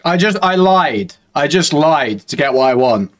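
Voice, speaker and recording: A man's voice: a little high, lively intonation, normal speed. A man hosting reaction commentary, sarcastic and mocking in tone. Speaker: commentary host.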